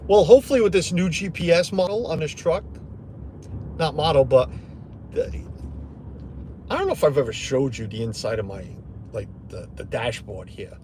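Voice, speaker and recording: A man's voice: on the high side, very animated, moderate pace, pauses often, darkish tone. A middle-aged man talking on a live stream from the cab of his truck, his voice rising and falling a lot. He rambles in a loose, chatty way and greets viewers as he goes, with faint background noise in the cab. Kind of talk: casual live chat. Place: inside a parked truck.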